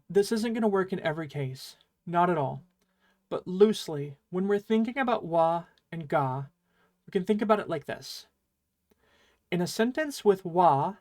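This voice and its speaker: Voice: mid-range voice, darkish tone. A teacher giving an online Japanese lesson, explaining patiently and playfully, with dramatic emphasis on the example sentences.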